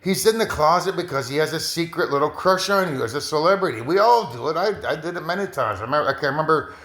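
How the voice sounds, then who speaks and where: A man's voice: on the high side, animated, quick pace, a bit bright. Rambling man in an echoey room. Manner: repetitive, full of restarts and fillers. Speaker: vlogger interpreting a viewer's video. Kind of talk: casual rambling monologue. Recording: roomy echo.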